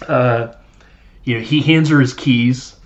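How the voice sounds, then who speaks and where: A man's voice: mid-range voice, slow pace. Man, podcast host, casual film recap, filler-heavy, dull lo-fi sound. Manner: loose and chatty, many fillers, laughs while acting out scenes.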